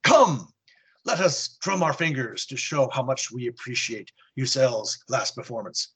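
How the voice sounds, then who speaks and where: A man putting on a brave cabaret clown who speaks up firmly to his crowd. The voice is raised higher than a natural speaking voice. A husky grain runs through it. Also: lively intonation, measured pace, fairly bright tone, full character voice. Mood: solemn. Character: brave Jewish clown, calm and defiant man.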